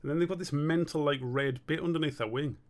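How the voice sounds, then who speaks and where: A man's voice: fairly high pitch, fast talker. A young man streaming live as an animator, chatting casually and thinking aloud in a rambling, sweary way.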